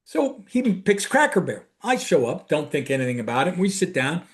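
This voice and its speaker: A man from Ohio co-hosts a casual podcast and tells stories with energy. His voice sits a bit high and swings widely in pitch as he acts out what others said. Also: brisk. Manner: animated storyteller, acts out quoted lines. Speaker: podcast co-host. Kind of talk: casual chat.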